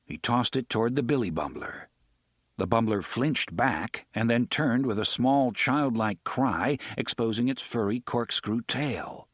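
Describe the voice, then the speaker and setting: Low, husky male audiobook narrator. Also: no echo, clean studio sound. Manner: steady, measured reading.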